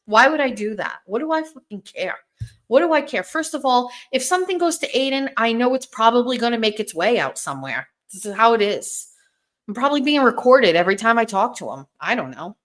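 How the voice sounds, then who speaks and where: A woman's voice: on the high side, expressive, brisk, a bit bright. A woman hosting a casual livestream, talking bluntly to her viewers with plenty of swearing and rambling restarts. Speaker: host.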